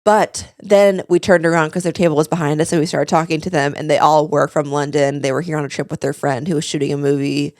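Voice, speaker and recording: A young woman co-hosting a podcast, telling stories in an animated, chatty way. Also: low voice, quick pace, few pauses, no room sound, studio quality. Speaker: podcast co-host. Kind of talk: casual chat.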